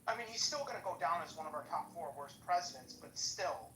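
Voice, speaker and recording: A woman's voice: sits low, lively intonation, fast, fairly bright tone. A woman on a podcast chatting casually about politics, hesitant and restarting often. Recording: echoey room with faint noise.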